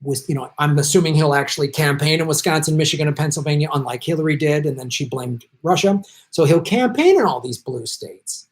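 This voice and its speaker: A man's voice: fairly high pitch, fairly quick, hardly any pauses. Blunt profane male stream host. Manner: blunt, profane, swings from mutters to loud outbursts. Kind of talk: live-stream political commentary.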